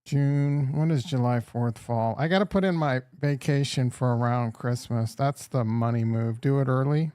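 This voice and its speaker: A man's voice: mid-range voice, normal speed, hardly any pauses, a little mellow, clean tone, dry recording. A man hosting a casual livestream, rambling and crude as he jokes with his chat. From Upper Midwest. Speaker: livestream host.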